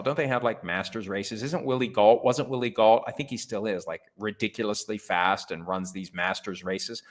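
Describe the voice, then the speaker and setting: A man's voice: fairly low pitch, normal speed, hardly any pauses. A middle-aged man hosting a sports talk show, giving blunt, sarcastic opinions with casual swearing. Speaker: host.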